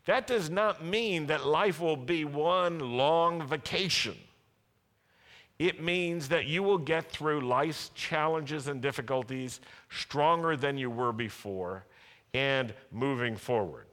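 A pastor preaches a sermon in a large worship hall, asking the congregation to answer him. His voice is a little high and fairly bright, and he takes it slowly. The recording carries a long hall reverb.

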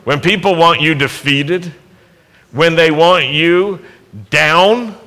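A man preaching a sermon at a worship service, speaking emphatically, asking the congregation rhetorical questions and building to loud exhortations. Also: a little high, slow.

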